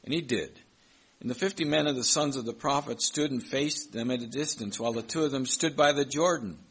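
Man, preacher, husky voice, reads scripture and comments, sermon. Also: mid-range voice, a little fast, rough recording. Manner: reads scripture aloud and comments, with hesitant restarts. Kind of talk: sermon with Bible reading.

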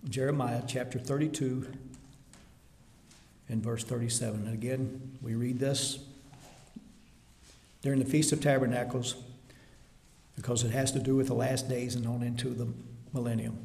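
A man's voice: medium pitch, steady tone, gravelly. Emphatic male preacher in an echoey hall. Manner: emphatic, builds to louder, slower scripture reading. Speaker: pastor. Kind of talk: sermon. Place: church hall before a seated congregation. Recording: echoey hall with long reverb.

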